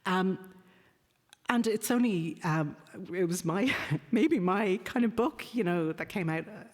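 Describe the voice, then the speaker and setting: A woman's voice: medium pitch, lively intonation, unhurried. A woman giving an academic lecture, hesitating often with ums and uhs as she corrects herself. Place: lecture hall. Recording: reverberant lecture hall.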